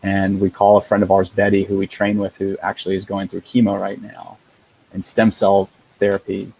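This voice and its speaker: Man, thirties, lowish voice, earnest, halting, lots of ums and restarts, guest telling a race story. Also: monotone, vocal fry, a little mellow, a little hiss or hum, rough recording. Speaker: endurance athlete guest. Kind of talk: personal storytelling in conversation.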